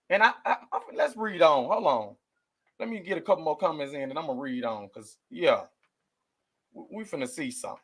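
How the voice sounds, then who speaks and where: A man's voice: fairly high pitch, expressive, a little fast, a bit bright, husky. A man doing casual news commentary for his viewers, rambling and emotional as he talks straight to the audience. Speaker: commentary vlogger.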